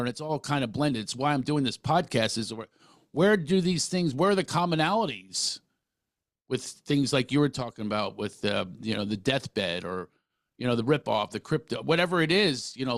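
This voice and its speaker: A man's voice: a little high, no echo. Middle-aged guy hosting a podcast, earnest and pushy, keeps restarting sentences, dry close mic. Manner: earnest, emphatic, often restarts mid-sentence. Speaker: podcast host. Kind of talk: casual interview talk.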